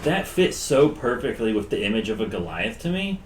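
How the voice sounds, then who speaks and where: Animated joking man in an echoey room. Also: on the low side, a little fast, slight background noise. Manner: animated, joking, laughs often. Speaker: player. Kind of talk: casual recap of a tabletop game. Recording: roomy echo.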